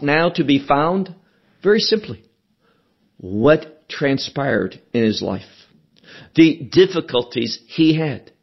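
A man teaching through a Bible passage in a radio broadcast, speaking slowly and deliberately and leaning on each quoted verse. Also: fairly high pitch, highs cut off.

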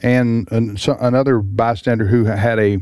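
A man hosts a talk radio show in a mid-pitched voice, halting and full of restarts, his tone somber. The studio sound is close and dry. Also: fairly even intonation, darkish tone, clear, resonant tone, dry recording.

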